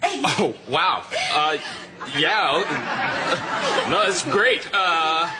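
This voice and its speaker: A flustered, eager husband from a TV comedy sketch, stammering through every line. His voice sits high and leaps wildly as he talks slowly. Loud audience laughter and noise surround him. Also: sing-song, a loud crowd, full character voice. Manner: stammering, hesitant.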